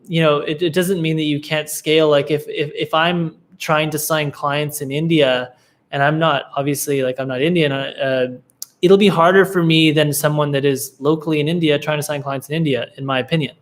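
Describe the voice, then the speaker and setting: A man's voice: on the high side, steady tone, moderate pace. A laid-back young man hosting a live Q&A, giving casual business advice with lots of fillers and restarts. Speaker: livestream Q&A host, agency coach.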